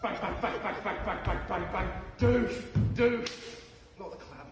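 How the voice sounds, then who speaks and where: A man playing a self-styled self-defense instructor who explains his moves earnestly and deadpan. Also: high-pitched, a little slow, over music. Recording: echoey room with noise.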